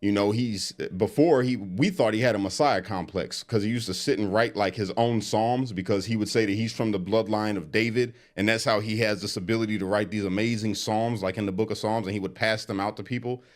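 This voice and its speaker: Fast, lowish male guest. Animated, casual storyteller. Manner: animated, quick storyteller who acts out quotes. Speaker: interview guest.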